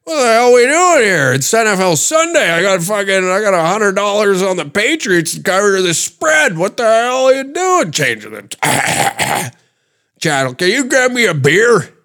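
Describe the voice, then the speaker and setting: A man voicing a rowdy, profane uncle who yells about his sports bets. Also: high voice, sing-song, normal speed, voice pushed up, exaggerated voice. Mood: yelling. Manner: shouting, profane, demanding. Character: loud rowdy uncle, gambler yelling over sports.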